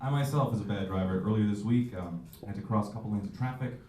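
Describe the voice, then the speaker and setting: A man's voice: on the low side, quick pace, a little mellow, a little hiss or hum. Brief: twenties male stand-up comic, self-mocking, jumps into voices, roomy distant club audio. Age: 20s. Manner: loose, self-mocking delivery with jumpy acted-out voices. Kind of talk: stand-up comedy set. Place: comedy club stage. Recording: echoey club audio from far off.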